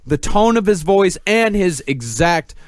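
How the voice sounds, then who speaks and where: A man's voice: sits high, big pitch swings, a little slow, dry recording, clean studio sound. A man hosting a podcast, narrating a researched story with wry asides to his co-hosts. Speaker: podcast host.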